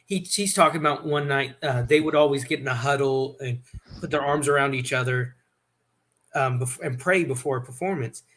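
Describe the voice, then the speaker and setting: A man's voice: medium pitch, moderate pace, fairly bright tone, a little hiss or hum. A man hosting a casual chat, telling rambling stories with many restarts. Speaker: host.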